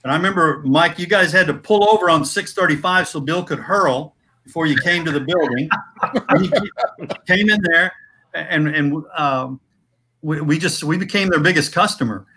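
Plain-spoken man with a slightly high voice, bright in tone, telling a career story in casual roundtable chat. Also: normal speed. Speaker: former sales manager, guest.

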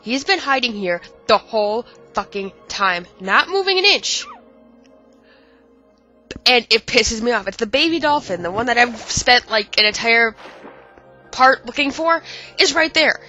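A woman's voice: on the high side, animated, measured pace, bright, forceful tone, lo-fi sound, faint music behind. A woman with a stuffy nose giving casual, profane and exasperated commentary on her game. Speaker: let's play gamer.

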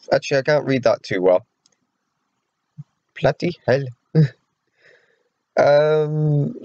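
A young man vlogging casually about upcoming films, rambling with many fillers like an excited fan. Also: medium pitch, no echo, lo-fi sound. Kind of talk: casual vlog talk.

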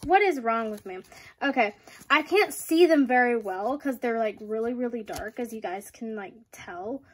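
A young woman unboxing collectibles in a casual vlog, excitable and gushing, often giggling. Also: fairly high pitch, moderate pace, slightly rough. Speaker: vlogger.

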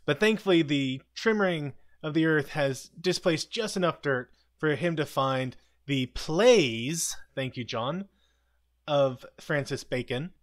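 A man hosting a casual live stream, retelling a TV episode scene by scene with quick quoted lines and frequent chuckles. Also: a little high. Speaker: live commentary host.

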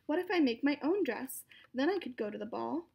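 A woman's voice: high voice, animated, a little fast, creaky, breathy edge, muffled recording, heavily acted. A woman reading as sweet young Cinderella. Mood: earnest.

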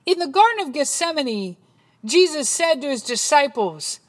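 A woman preaching a dramatic sermon that swings between hushed passages and loud ones. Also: high voice, big pitch swings, moderate pace.

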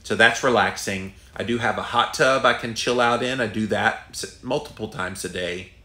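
A middle-aged podcast host with a Southern US drawl answers listener questions in a candid, folksy way, often pausing on "uh" and "um." His voice sits a little low. It is bright and pushed forward, and it echoes around a live room. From Southern United States. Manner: folksy, candid, thinks aloud with fillers.

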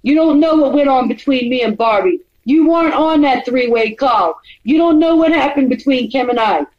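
A woman's voice: high-pitched, animated, normal speed. A woman livestreamer in a furious, profane rant, repeating herself and making threats. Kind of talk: angry confrontational rant. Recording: dull lo-fi audio.

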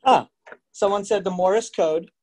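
A man presenting a live virtual lecture for a museum program, chatty and animated, asking his audience questions and telling stories, heard through a computer mic on a video call. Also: high voice, measured pace.

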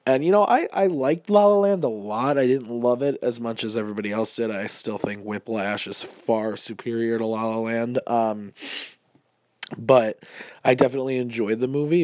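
A man with a stuffy cold talks through a casual video review with many fillers and an upbeat lean. His voice sits a bit low. The sound is dry and close. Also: a little mellow, no room sound. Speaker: movie reviewer.

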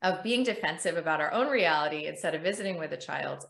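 A woman hosts a podcast in a loose, chatty way, her voice roaming widely up and down. There is a gravelly fry in her tone. She is recorded in a room with a noticeable echo. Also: deep voice, fast talker. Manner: animated, acts out quoted voices. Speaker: podcast host. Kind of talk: casual conversational storytelling.

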